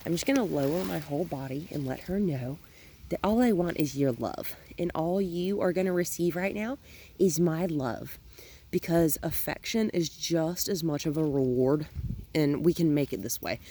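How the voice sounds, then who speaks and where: A young adult woman, a dog trainer, calmly explaining a training session outdoors in a park, mixing in cooing praise for the dog. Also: sits low, normal speed.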